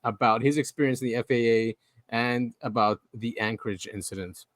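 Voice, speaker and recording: A man's voice: medium pitch, a little fast, dry recording. A man hosting a podcast in casual chat, chatty and eager to explain things. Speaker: podcast host.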